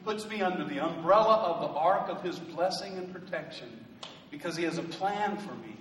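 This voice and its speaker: A male pastor preaching a sermon in a church, swelling into loud emphatic bursts and joking asides. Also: on the high side, moderate pace. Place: church sanctuary. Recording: echoey hall from a distant mic.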